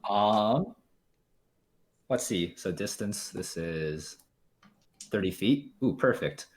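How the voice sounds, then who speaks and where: A man's voice: lowish voice, lively intonation, slow pace. A man playing a tabletop game, hesitant and unsure of the dice rules. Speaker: player. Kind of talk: tabletop role-play.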